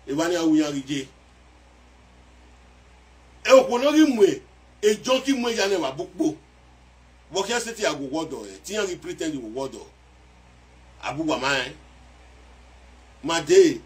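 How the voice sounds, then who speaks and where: A man with a Nigerian accent giving excitable casual commentary on a song, repeating phrases as he goes. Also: fairly high pitch, distant mic. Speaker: music commentator.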